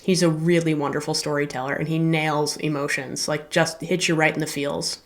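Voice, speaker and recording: A woman's voice: low voice, little pitch movement, normal speed, faint music behind. A woman talking casually and with enthusiasm as she reviews books for her channel. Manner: enthusiastic, conversational, with filler and restarts. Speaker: book reviewer.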